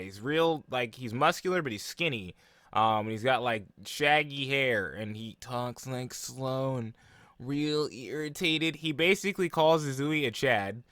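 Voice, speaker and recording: Bright-voiced man rambling about anime. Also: medium pitch, no echo, studio quality. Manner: rambling, full of "um" and "like" fillers. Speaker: anime reaction vlogger. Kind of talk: casual reaction and analysis.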